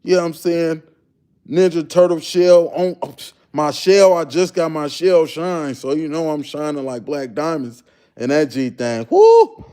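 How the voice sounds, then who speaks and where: A young man with hosts a casual livestream, his voice sitting a little high for a man. He chats loosely in slang and keeps breaking off to greet viewers by name. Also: steady tone, moderate pace, mellow, clear, resonant tone. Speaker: livestream host.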